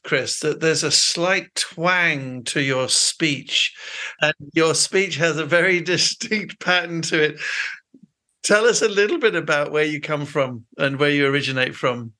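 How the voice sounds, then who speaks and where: A man's voice: on the high side, a little slow, pushed and bright. A man hosting a radio interview, asking friendly, encouraging questions. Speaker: radio host.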